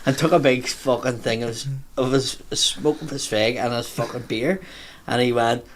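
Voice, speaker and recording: A man's voice: mid-range voice, fairly even intonation, normal speed, a little hiss or hum. A man with a Belfast accent hosting a podcast, talking bluntly, swearing heavily and acting out the people in his stories. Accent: Northern Irish, Belfast. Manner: blunt, heavy swearing, acts out quotes. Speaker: podcast host. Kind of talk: casual storytelling chat.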